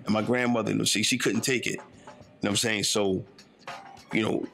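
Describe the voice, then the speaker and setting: Faint music plays as a man in his fifties, from northern New Jersey, briskly recounts his life in a reflective, conversational way. His fairly low voice is level, a bit bright, with vocal fry, and he peppers his street slang with "you know what I'm saying."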